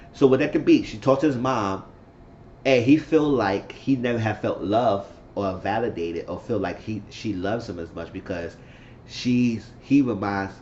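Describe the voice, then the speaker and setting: A man's voice: on the low side, slight background noise. A man recapping a show in a roomy, muffled room. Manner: animated, acts out quoted people. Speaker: YouTube reality-show reviewer. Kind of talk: casual episode recap.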